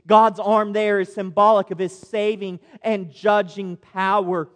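A man's voice: high voice, steady tone, measured pace, hardly any pauses, fairly bright tone. A man preaching a sermon as a pastor, earnest and posing rhetorical questions to his listeners. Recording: long reverb of a large hall.

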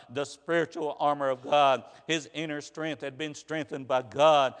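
A man preaching a sermon in an earnest, plain way, often pausing with "uh" and restarting phrases. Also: medium pitch. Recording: reverberant hall.

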